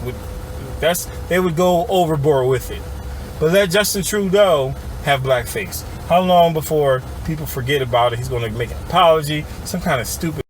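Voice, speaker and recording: A man's voice: fairly high pitch, moderate pace, slight background noise. A man giving a heated, sarcastic political commentary straight to his viewers, calling them y'all. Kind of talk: ranting video commentary.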